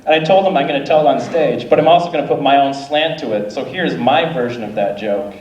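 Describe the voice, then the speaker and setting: A man's voice: medium pitch, quick pace, a little mellow, distant mic, highs cut off. A male stand-up comedian doing a rambling, self-deprecating opening set live on a club stage. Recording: roomy live club, crowd noise. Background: audience laughter and ambient noise.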